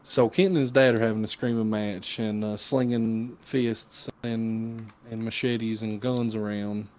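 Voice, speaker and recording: A man's voice: fairly low pitch, flat delivery, unhurried, a little mellow, muffled recording. A young man telling a rambling, profane story in casual chat, often laughing as he goes.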